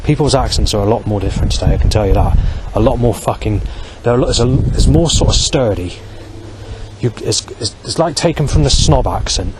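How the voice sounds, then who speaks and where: Speaking a bit fast in a mid-range voice, a middle-aged man vlogs through a wandering, rambling monologue. He frequently restarts and swears, and the outdoor recording carries street and traffic sounds.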